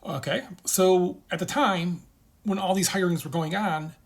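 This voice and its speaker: A man's voice: sits high, measured pace. A middle-aged man talking casually and earnestly, reassuring listeners and repeating phrases for emphasis. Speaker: game industry veteran sharing advice. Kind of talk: casual livestream chat.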